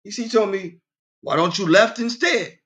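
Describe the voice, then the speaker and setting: A man speaks at normal speed with a fairly bright tone, hosting a casual radio show. He tells dad jokes, laughs at his own punchlines, and addresses listeners directly, pushing his pitch far higher for quoted voices.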